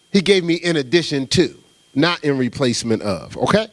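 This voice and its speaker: No echo surrounds the fairly high-pitched voice of a middle-aged pastor from New Jersey, speaking at a moderate pace during a sermon. Casual and conversational, he tells his stories with animation and keeps adding "right?"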